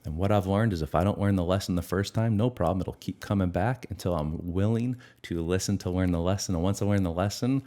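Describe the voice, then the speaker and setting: A man's voice: low voice, fast, few pauses, warm tone. A middle-aged man answering interview questions in an earnest, reflective way, sometimes acting out his inner dialogue. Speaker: guest, addiction recovery expert.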